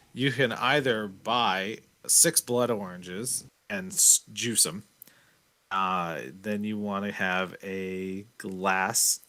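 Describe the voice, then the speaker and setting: A man's voice: fairly low pitch, fairly bright tone. A man hosting a podcast, talking casually in an easygoing, self-deprecating, joking way. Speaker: podcast host. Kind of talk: casual chat.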